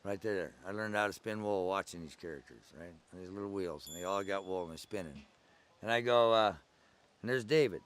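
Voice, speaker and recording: An older man recalls his early days at the gathering, telling the story in a rambling, conversational oral-history style full of digressions. His low-pitched voice is a bit bright and a little fast.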